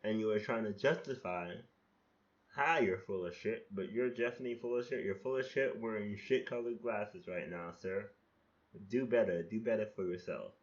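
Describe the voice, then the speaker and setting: This podcast host has a lowish voice and speaks at normal speed, and the recording has its highs cut off. In a casual, reflective monologue about his own poems, he criticizes who he used to be, rambling, restarting, and swearing casually.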